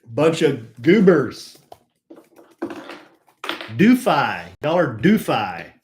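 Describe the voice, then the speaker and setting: A man's voice: a little high, very animated, drawn-out words, darkish tone, a little hiss or hum. A man co-hosting a live stream, chatting casually and playfully, teasing his viewers and talking to his dogs.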